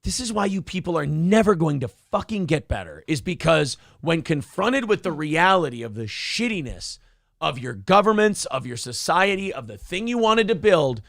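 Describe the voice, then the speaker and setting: A man with a high, swooping voice rants on a talk stream, sarcastic and profane, dropping into mocking voices. His tone is gravelly with a creak to it, and the sound is close and dry. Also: dry recording. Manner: loud, sarcastic, swearing, jumps into mocking put-on voices. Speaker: co-host.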